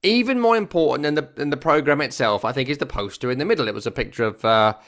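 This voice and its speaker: A man's voice: mid-range voice, animated, quick pace, a bit bright. A man hosting a football podcast, giving a casual, wry match review and repeating phrases for emphasis. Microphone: works regularly on a microphone.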